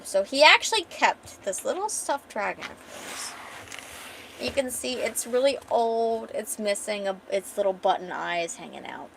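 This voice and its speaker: Woman streamer rambling through her comic story, gravelly fry, soft hiss behind. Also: mid-range voice, expressive, unhurried, poor audio. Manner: loose, rambling retelling with many "like"s.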